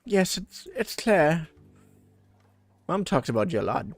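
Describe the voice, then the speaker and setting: A man voicing an emotional young woman in a game, halting and gentle. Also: on the high side, big pitch swings, no room sound, voice pushed up, exaggerated voice. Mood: tearful.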